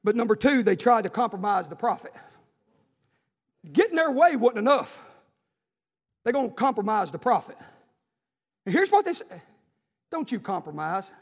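A man preaches a fiery sermon in a Southern preacher's cadence, repeating lines for emphasis and acting out the voices he quotes. His voice is very high with big swings in pitch, and he moves at a moderate pace with frequent pauses. The sound echoes around a hall.

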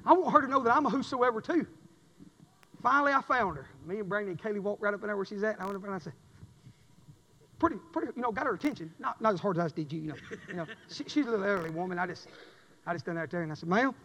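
A high-pitched preacher with a gravelly, fry-edged voice, delivering an impassioned sermon. He drops low and soft, then surges loud and emphatic. His words ring with the long reverb of a big church hall. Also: animated, very fast. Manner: emphatic Southern preaching, swings from quiet to loud. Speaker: pastor. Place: church sanctuary.

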